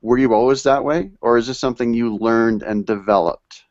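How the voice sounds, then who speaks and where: A man's voice: mid-range voice, normal speed, darkish tone, no echo. A man hosting a live video call interview, summarizing the guest's points and encouraging them. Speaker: show host. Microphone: video call mic. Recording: muffled lo-fi video call audio.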